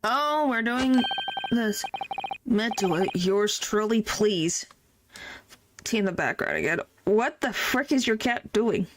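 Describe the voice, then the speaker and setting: A woman's voice: mid-range voice, expressive, takes it slowly. A woman streamer chatting casually and giggling while reading through a game. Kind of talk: casual gameplay commentary. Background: game music.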